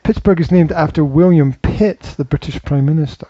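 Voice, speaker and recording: Playful Scottish man, mellow voice. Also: fairly high pitch, brisk, highs cut off, a little hiss or hum. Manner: playful, joking, fond of doing accents. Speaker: podcast host. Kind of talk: casual chat.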